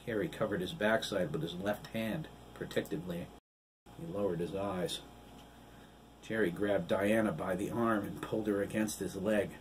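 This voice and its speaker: A man, the author, reading his novel aloud as an audiobook in a measured, even storytelling manner. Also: low-pitched. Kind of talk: audiobook narration. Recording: distant mic, faint hiss.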